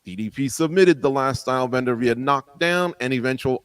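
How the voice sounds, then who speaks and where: A man's voice: mid-range voice, lively intonation, normal speed, clear, resonant tone, dry recording. A man hosting a sports roundtable, upbeat and playful as he introduces the panel and the topics. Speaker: host. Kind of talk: show host introduction.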